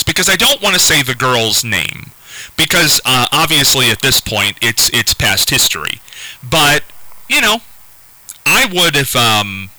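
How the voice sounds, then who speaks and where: A man hosting a call-in radio show, talking unscripted and halting, often repeating words and restarting. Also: mid-range voice, pushed and bright, dry recording, low-quality recording. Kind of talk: casual unscripted call-in talk.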